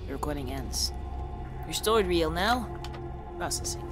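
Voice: mid-range voice, lively intonation, unhurried, over music. A streamer playing through a story game, casually reading its text aloud and reacting. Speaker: let's play streamer.

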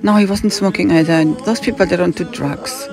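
Gravelly German-accented woman telling a story. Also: on the low side, fairly quick, music in the background. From Hamburg, Germany. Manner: digressive, acts out other people's lines. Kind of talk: rambling personal storytelling.

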